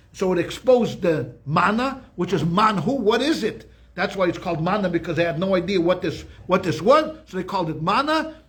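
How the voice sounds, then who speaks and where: A rabbi giving a weekly Torah class, telling jokes and stories in a chatty way, often checking in with "okay?" and restarting his sentences. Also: high voice. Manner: chatty storyteller, keeps asking "okay?"; frequent restarts and repeated words.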